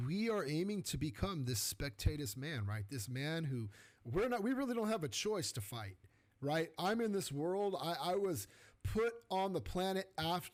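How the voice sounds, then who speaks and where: A middle-aged man from California hosting a podcast, giving an energetic, colloquial motivational faith talk that keeps asking "right?". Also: mid-range voice. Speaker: podcast host.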